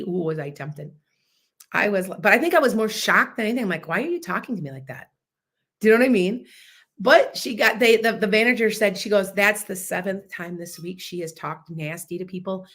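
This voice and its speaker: A woman, hosting a podcast livestream and chatting casually as a loud, boisterous storyteller. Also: medium pitch. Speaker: podcast host.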